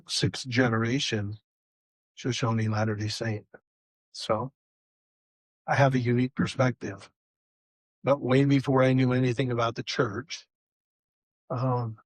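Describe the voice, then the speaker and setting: A man in his sixties speaking on a conference panel, calm and reflective as he describes his own background. His voice sits in a middle pitch and is recorded dry and close. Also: dry recording, low-quality recording. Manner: measured, reflective personal account. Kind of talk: panel talk. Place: conference session room.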